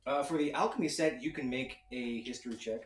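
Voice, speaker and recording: A man's voice: medium pitch, a little fast, a little hiss or hum. A man narrating as game master of a tabletop game, describing scenes with frequent fillers. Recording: echoey room from a distance.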